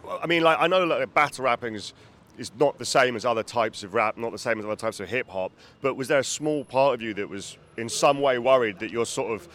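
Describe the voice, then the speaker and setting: A man's voice: medium pitch, a little fast, fairly bright tone. Chatty man hosting a street interview. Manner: chatty, friendly questioning. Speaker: podcast host and interviewer. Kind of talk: casual interview chat. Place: outdoors on a street.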